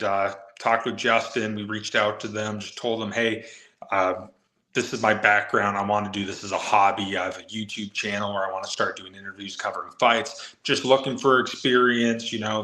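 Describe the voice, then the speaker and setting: A man's voice: fairly low pitch, reverberant, poor audio. A man on a live sports show, eagerly telling a long anecdote and acting out the quotes of the people in it. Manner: excited, fast anecdote-telling with acted quotes. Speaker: guest MMA reporter. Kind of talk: animated storytelling on a live show.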